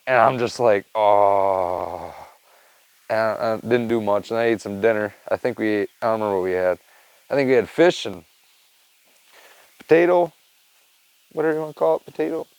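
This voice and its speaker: A man's voice: on the low side, fast talker, smooth, dry recording, rough recording. A man chatting loosely to his camera at home, rambling, swearing and laughing as he tells a story. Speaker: vlogger. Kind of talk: casual rambling chat to camera.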